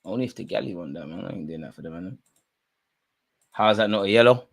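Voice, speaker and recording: A man's voice: on the low side, a little fast, fairly bright tone. A young man hosting a live football watch-along, ranting at the referee and swearing, full of street slang. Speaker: streamer.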